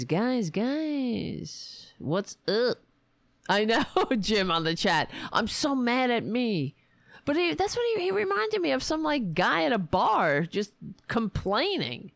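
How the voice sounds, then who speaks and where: An American woman hosts a casual political livestream, blunt and sarcastic as she rages at politicians. Her slightly high voice swings widely in pitch, with vocal fry and a measured pace, and she sounds tired with her voice giving out. There's no room sound.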